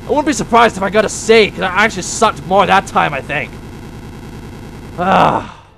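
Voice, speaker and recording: High, gravelly young man ranting. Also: lively intonation, normal speed, slight background noise. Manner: frustrated, yelling outbursts at the game. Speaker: let's play gamer. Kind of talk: casual gameplay commentary.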